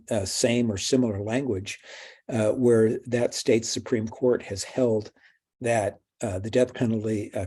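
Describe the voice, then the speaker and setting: A man giving a recorded law lecture, halting often with fillers and restarts. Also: on the low side, a little mellow, slightly rough.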